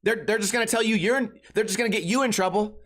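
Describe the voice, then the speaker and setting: A woman's voice: mid-range voice, fast, voice pushed up, lightly acted. A man imitating a belligerent young woman he was on a date with, sneering and defiant. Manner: mocking, defiant, condescending.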